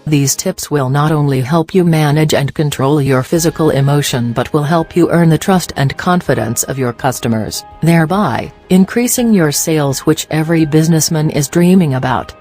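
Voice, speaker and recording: A narrator giving a scripted, measured reading of customer service and career advice. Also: medium pitch, a little mellow. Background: faint background music.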